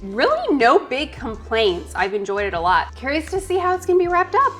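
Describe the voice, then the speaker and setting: A woman's voice: high-pitched, huge pitch swings, brisk, fairly bright tone, faint music behind. A young woman co-hosting a movie reaction video, talking earnestly and with enthusiasm. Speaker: co-host, first-time movie viewer. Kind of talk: casual chat.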